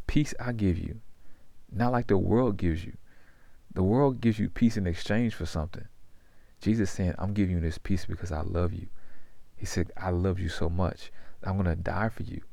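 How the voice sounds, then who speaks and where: A man's voice: gravelly, a little mellow, no echo. A man preaching a sermon, reading scripture aloud and pressing his listeners with repeated questions. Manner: asks the listeners repeated rhetorical questions, rising in pitch; reads scripture verses aloud with references. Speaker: pastor.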